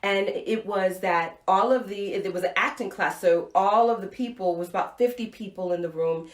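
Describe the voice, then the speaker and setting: A middle-aged woman hosting a live show, telling a personal story with playful, expressive swings between loud and soft. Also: mid-range voice, echoey room. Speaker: live show host and speaker.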